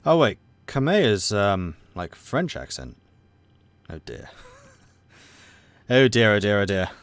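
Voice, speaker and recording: A man's voice: fairly low pitch, big pitch swings, takes it slowly, no echo. A man hosting a let's play, giving casual, rambling gameplay commentary with fillers.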